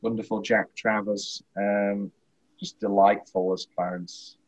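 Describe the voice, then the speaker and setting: A man co-hosts a casual film podcast, rambling, interrupting himself and often laughing mid-sentence. His voice is on the low side, fairly flat in pitch, unhurried and slightly rough. The audio is dull and lo-fi.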